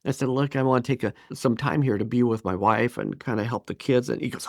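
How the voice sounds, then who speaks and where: A man in his fifties telling a personal story as a podcast guest, lively and acting out the voices of people he quotes. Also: medium pitch, fairly quick, vocal fry, hardly any pauses, dry recording, studio quality. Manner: animated, acts out quoted voices. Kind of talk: storytelling interview.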